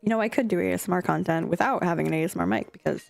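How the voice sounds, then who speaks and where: A woman's voice: on the low side, racing, vocal fry, dry recording. A young adult woman streamer chatting casually and scatteredly with her chat, swearing now and then. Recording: faint music behind.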